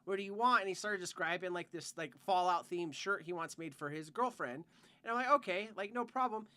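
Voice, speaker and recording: A man's voice: high voice, a little fast, bright, forceful tone, clear, resonant tone. A young man co-hosting a podcast, telling a rambling work story full of "like" and swearing in casual chat. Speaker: podcast co-host.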